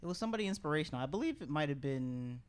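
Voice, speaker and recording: A man as a podcast guest, telling how he started his clothing brand in a relaxed way. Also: on the high side, rapid-fire, clean tone. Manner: relaxed storytelling, easygoing. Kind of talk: casual podcast interview.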